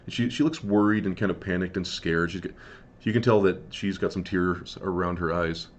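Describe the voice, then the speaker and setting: A man narrating as game master in a relaxed, halting way with many fillers. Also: low voice, muffled recording.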